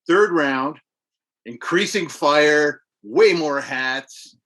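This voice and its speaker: A man's voice: fairly high pitch, drawn-out words, a bit bright. A man co-hosting a podcast, casually recounting game battles step by step and swearing freely. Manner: rambling play-by-play, profane. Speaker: podcast co-host. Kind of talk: casual gaming chat.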